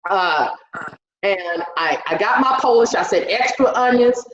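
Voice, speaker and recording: This stand-up comedian, a woman, delivers a bawdy set by video call in an unhurried, mid-range voice with lively intonation. Her storytelling is crude and full of swearing, with quotes performed in character. Sound comes through a bit muffled, with a roomy, flat video-call quality.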